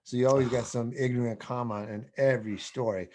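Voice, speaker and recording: Middle-aged man, mid-pitched, animated storytelling podcast co-host. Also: fairly quick. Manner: animated storyteller, swears, laughs often. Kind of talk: casual chat.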